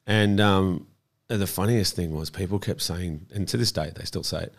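A child protection campaigner, guesting in a conversational interview, talks earnestly about the campaign he runs, often repeating words as he thinks. His voice is deep, steady and creaky, at a normal speed.

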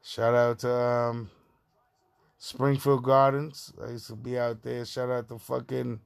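A man's voice: mid-range voice, little pitch movement, measured pace, vocal fry, clear, resonant tone. A man from Far Rockaway, Queens, with a New York accent, talking through a profane, rambling opinion monologue as a podcast host.

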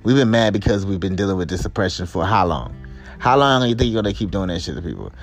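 A man's voice: sits low, animated, quick pace, soft background music. A young man hosting a podcast, ranting in an angry, exasperated and profane way. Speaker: podcast host. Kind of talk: angry commentary rant.

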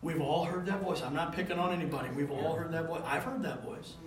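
High-voiced man preaching in an echoey room. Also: fast, crowd noise. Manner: animated, rambling, calls for responses. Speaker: pastor. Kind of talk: conversational sermon. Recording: roomy room, voice from a distance.

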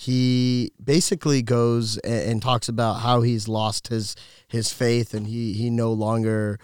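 A man's voice: medium pitch, level tone, measured pace, a little mellow, clear, resonant tone, dry recording, clean studio sound. A man chatting about a film, agreeing often and adding his own points. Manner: agreeable, chimes in with short affirmations. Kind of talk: casual film discussion.

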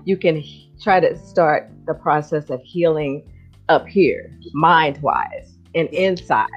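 Woman, podcast host, low voice, encouraging, hunts for words, dull lo-fi sound, faint music. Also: takes it slowly, husky. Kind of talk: casual chat.

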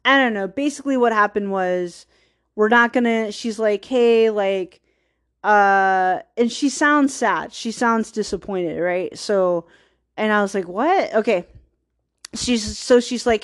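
A woman's voice: medium pitch, a little slow. A woman hosting a podcast, telling a personal story in a rambling, casual way, full of "like," with wistful, self-deprecating laughs. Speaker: podcast host.

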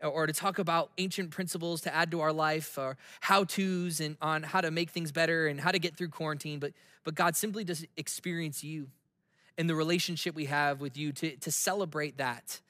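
A man in his thirties delivers a sermon in a high, bright voice that rings through a long hall reverb. He tells a story conversationally, with quick asides and easy laughs. His voice sounds tense and clear. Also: steady tone, studio quality. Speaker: pastor.

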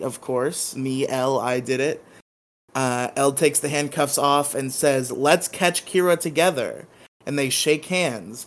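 A man co-hosting a casual podcast, teasing his partner dryly and recapping a show episode. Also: a little high. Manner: dry teasing, laughs often. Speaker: podcast co-host.

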